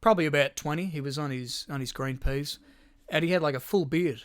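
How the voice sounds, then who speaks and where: A man's voice: fairly high pitch, fairly quick, dry recording, studio quality. A young man co-hosting a podcast, telling rambling, sweary stories in casual chat. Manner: rambling storyteller, lots of swearing and restarts. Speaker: podcast co-host.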